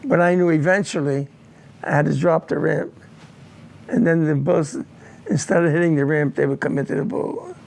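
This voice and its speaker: An older man, a war veteran, recounting a personal war memory in an interview, grave and halting, often repeating his words. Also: on the high side, vocal fry, darkish tone.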